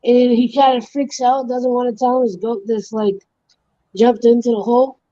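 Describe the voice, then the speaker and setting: A woman tells rambling jokes on a livestream in a deeply mellow, dark voice. She restarts and corrects herself as she goes, and laughs at her own punchlines. The sound is dry and dull, like lo-fi stream audio. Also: little pitch movement, normal speed, dry recording. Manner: rambling, restarts and self-corrections mid-story. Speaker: livestream host. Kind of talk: casual joke-telling.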